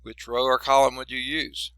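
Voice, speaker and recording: Guy teaching math class, kinda losing his voice, raspy gravelly tone, dry close sound. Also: mid-range voice, little pitch movement, normal speed, pushed and bright, no room sound. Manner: folksy, chatty, asks the class questions. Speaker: math instructor. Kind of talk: classroom lecture.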